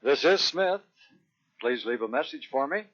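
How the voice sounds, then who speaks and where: A man's voice: medium pitch, expressive, normal speed, fairly bright tone, husky. A man recording a plain, polite, slightly hesitant answering machine greeting. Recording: dull lo-fi answering machine tape.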